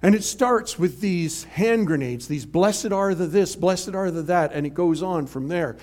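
A man preaching a sermon in an animated, emphatic way, swinging from loud to hushed. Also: sits high, measured pace.

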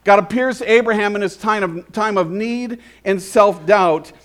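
A man's voice: high voice, moderate pace, a bit bright. A man preaching a conversational sermon, often asking the congregation questions. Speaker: pastor.

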